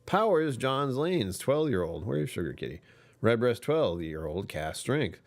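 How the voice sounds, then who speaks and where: A tired man with a rumbly voice hosting a livestream, chatting casually, joking and laughing with his viewers. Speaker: livestream host.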